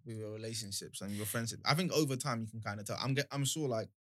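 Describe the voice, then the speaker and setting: Quick-talking young man guest. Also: fairly low pitch, no echo, studio quality. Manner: reflective, trailing off, heavy use of "like". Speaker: podcast guest. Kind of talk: casual chat.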